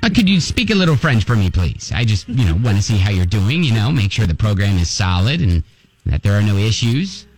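A man's voice: on the low side, very animated, brisk, soft background music. A man playing a smug fake male French teacher in a radio prank call, bluffing and stammering with mock confidence. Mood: mock serious.

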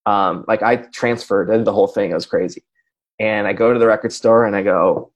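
Man in his 40s, low husky voice, casual podcast storyteller with a rambling, self-mocking delivery. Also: steady tone, a little fast. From Racine, Wisconsin, USA. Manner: rambling, self-deprecating, full of asides like "you know" and "right?". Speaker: podcast co-host, radio personality.

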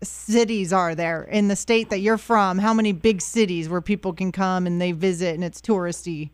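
A woman co-hosting a morning radio show, chatting quickly and laughing often. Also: lowish voice, fairly even intonation, clean tone, no echo. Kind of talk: casual radio banter.

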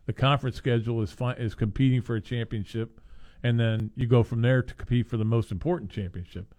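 A man hosting casual sports talk, rambling with many restarts and growing excitable as he recounts a game. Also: mid-range voice, fairly quick. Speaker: sports radio host.

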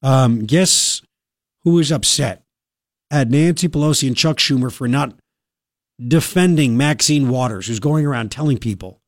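A man's voice: mid-range voice, moderate pace, no echo. A man hosting a talk radio show, ranting with sarcastic indignation into a studio microphone.

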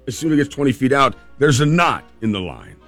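A man hosting a talk show, telling a family story in a casual, animated way and laughing often. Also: medium pitch, quick pace, faint music behind. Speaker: radio host telling a story.

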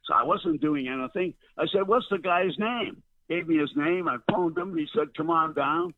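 A man's voice: high voice, huge pitch swings, moderate pace, creaky. Older man on a tinny phone line. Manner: storyteller, many fillers and restarts. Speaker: veteran broadcaster guest. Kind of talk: rambling reminiscing interview.

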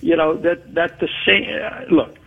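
A man, a newspaper columnist calling in as a guest, giving measured, opinionated political commentary. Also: a little high, fairly even intonation, vocal fry, breathy edge. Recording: tinny phone line.

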